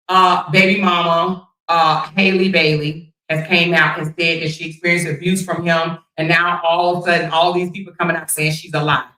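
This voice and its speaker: A woman's voice: medium pitch, pushed and bright, recorded from a distance. A woman hosting a casual commentary livestream, talking bluntly and profanely and firing rhetorical questions at her viewers. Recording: echoey room, voice somewhat off mic.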